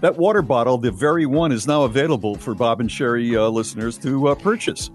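A man co-hosting a radio show, reacting with quick jokes to his co-host's story. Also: mid-range voice, soft background music. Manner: quick reactive quips and laughs. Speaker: radio co-host. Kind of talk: casual banter.

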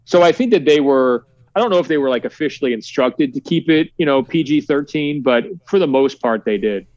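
Man, sportswriter guest, relaxed storytelling, many fillers, dry muffled recording. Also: medium pitch, fairly quick, no echo. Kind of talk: conversational podcast interview.

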